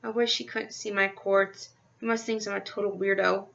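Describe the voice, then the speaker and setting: A woman's voice: medium pitch, flat delivery, moderate pace, gravelly, fairly bright tone, lo-fi sound. A woman reading a children's book aloud in the first person, expressively, into a webcam microphone. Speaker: reader. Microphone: built-in computer webcam mic.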